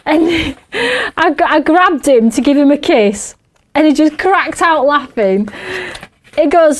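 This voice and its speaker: A woman's voice: sits high, takes it slowly, long pauses. A middle-aged woman, chatting and laughing as she hosts a craft show while she works. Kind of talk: casual chat while crafting.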